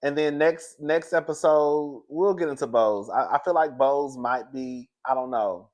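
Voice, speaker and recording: A man's voice: medium pitch, measured pace. Chatty gossiping man recapping reality TV. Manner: chatty, gossipy and animated, laughs often, says "girl" a lot. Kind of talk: casual chat.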